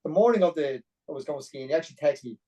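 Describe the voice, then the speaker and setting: A man's voice: a little high, lively intonation, quick pace, dark tone, far from the mic, poor audio. A middle-aged man telling his own story as a podcast guest, blunt and earnest, with plenty of "like" and "you know". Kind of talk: personal storytelling interview.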